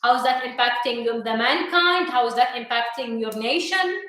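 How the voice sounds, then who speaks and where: A woman's voice: a little high, expressive, moderate pace, bright, forceful tone. A woman co-hosting a live motivational talk, speaking English with an Arabic accent and hammering her points home with repeated questions. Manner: emphatic, repeats questions for stress. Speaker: co-host, coach. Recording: very echoey room.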